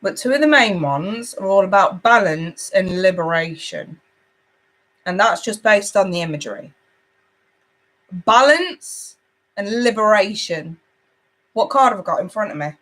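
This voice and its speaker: A chatty British tarot reader hosts a live reading, casually reading out viewers' comments and affectionately calling them babe and sweetheart. Her mid-range voice is expressive and fairly bright, a little slow, with long pauses.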